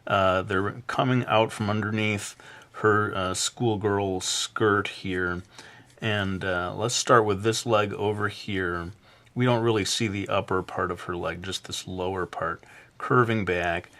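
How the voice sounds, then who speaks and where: A man with a fairly low voice talks viewers through a drawing tutorial. His delivery is relaxed and chatty, often pausing on filler sounds and poking fun at himself. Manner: relaxed, chatty, frequent "uh" fillers, self-deprecating. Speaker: drawing instructor.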